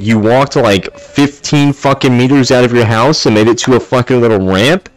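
A man's voice: mid-range voice, moderate pace. A man giving gameplay commentary while playing in VR, ranting with constant swearing and exasperation. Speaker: gamer playing in VR.

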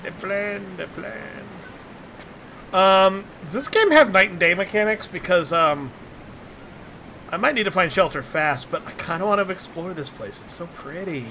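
Man, gameplay host, bright forward voice, excitable and jokey, slightly high. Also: normal speed, slight background noise. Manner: excitable, jokey, yelps at scares. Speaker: gaming channel host. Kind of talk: casual co-op gameplay commentary.

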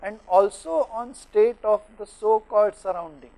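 Teaching thermodynamics to a room of teachers, this middle-aged Indian man pauses often with fillers while working examples. His high-pitched voice is gravelly yet mellow, heard through a rough recording.

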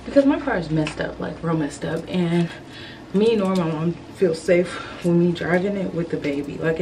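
Young woman vlogging, low voice, far from mic. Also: a little mellow. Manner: chatty, loose and informal. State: out of breath after climbing stairs. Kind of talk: casual vlog chat. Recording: distant camera mic with background noise.

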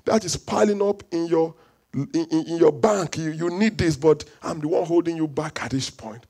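A man preaching a fervent sermon in a church service, repeating phrases for the congregation and bursting into shouts. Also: a little high, normal speed, vocal fry. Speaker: pastor.

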